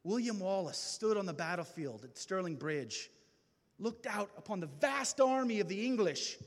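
A man preaching a personal testimony in a high, lively voice that swoops between hushed and ringing. He takes his time, leaning on long dramatic pauses, and his words carry a long echo through a large hall. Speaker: speaker at a men's gathering. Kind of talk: testimony sermon. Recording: reverberant hall.

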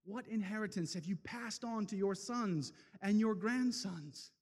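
A man preaching an impassioned sermon, swinging from loud declarations to hushed, slow passages. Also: sits high, big-room sound. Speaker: speaker at a men's event.

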